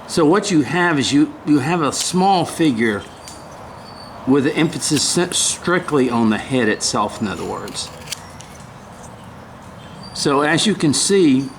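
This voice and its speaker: An older man giving a casual woodcarving demonstration, talking haltingly, often clearing his throat and apologizing. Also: medium pitch, slight background noise. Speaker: woodcarving instructor.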